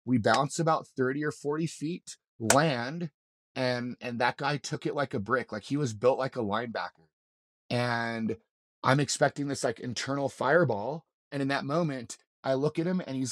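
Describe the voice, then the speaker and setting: Recorded with clean studio sound and no echo, a man of medium pitch shares a story as a podcast guest. He works as a mountain guide, and his relaxed, lively telling includes performed quotations and free cursing.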